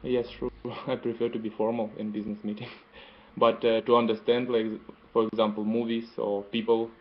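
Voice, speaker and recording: Hesitant man answering in a flat voice. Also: medium pitch, fairly quick, dull audio. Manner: hesitant, many uhs, laughs easily. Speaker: student. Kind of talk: answering in class.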